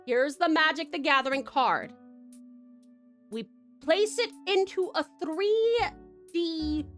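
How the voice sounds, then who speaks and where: A young woman from Tasmania, Australia runs a live VTuber stream, giggling and bubbly while greeting chat by name and calling everyone babes. Her voice is high-pitched and fairly bright, she takes her time, and faint music plays behind her.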